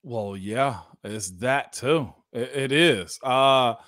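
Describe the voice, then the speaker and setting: A man's voice: mid-range voice, slow, fairly bright tone. A man, hosting a casual sports podcast and laughing often. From United States. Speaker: podcast host.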